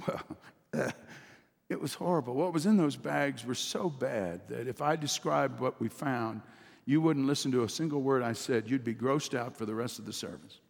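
A man's voice: medium pitch, normal speed, vocal fry, slightly rough. Man preaching to his church, calls for the crowd to answer back, voice echoing round a big hall. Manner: call-and-response preaching, rising emphatic delivery. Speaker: pastor. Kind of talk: sermon. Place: church sanctuary. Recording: long reverb of a church hall.

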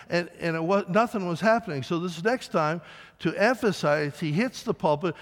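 A man preaching a sermon as pastor, emphatic, with dramatic rises and soft drops. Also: fairly high pitch, animated, normal speed. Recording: long reverb of a large hall.

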